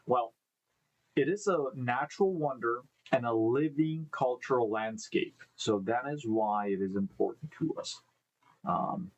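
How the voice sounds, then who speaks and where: A man's voice: medium pitch, husky, dull audio. A man hosting a casual live stream, reading news stories aloud, tripping over names and breaking off to think aloud. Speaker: host. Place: indoor room with live beehives.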